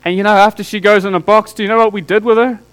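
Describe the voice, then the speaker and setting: A man preaching a sermon, telling a deeply personal story with rhetorical questions that draw the listeners in. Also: fairly even intonation, rapid-fire, fairly bright tone, clean tone, rough recording.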